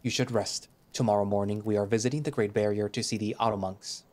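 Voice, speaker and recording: A man's voice: lowish voice, steady tone, fast, darkish tone, lightly acted. A man voicing a stoic male creature warrior who speaks formally, in a visual novel reading. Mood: calm. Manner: formal speech without contractions.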